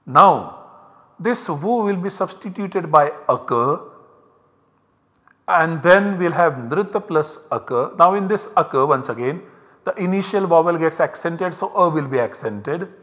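Methodical male lecturer, slightly high voice. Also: lively intonation, a bit bright, long reverb tail. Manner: slow, methodical explaining. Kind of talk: university lecture.

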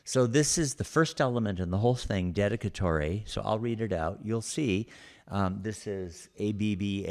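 A man giving a recorded lecture over slides, explaining at an unhurried pace with frequent pauses. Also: low voice.

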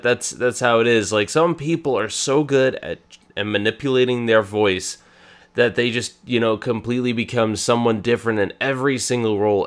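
A man with a cold, co-hosting a casual fan discussion podcast, talking in an excited and halting way with many restarts. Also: mid-range voice. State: has a cold. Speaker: podcast co-host.

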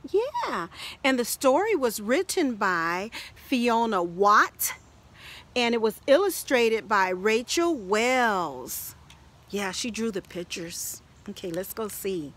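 A woman, an early childhood educator, reading a picture book aloud to toddlers in a slow, sing-song way and asking the child questions. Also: a little high, a bit bright.

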